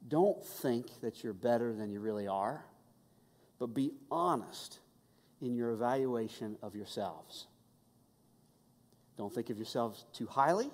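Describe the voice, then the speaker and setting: Man preaching a sermon in a reverberant hall. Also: mid-range voice. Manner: conversational, animated, acts out quoted voices. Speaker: pastor.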